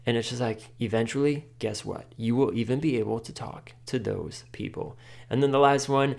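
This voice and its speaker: A man hosting a podcast, chatting casually and giving advice. His voice has a gravelly edge at a mid pitch. He talks loosely, full of "like" and little laughs. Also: moderate pace, a little mellow. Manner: chatty, filler-heavy with frequent "like", laughs often. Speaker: podcast host.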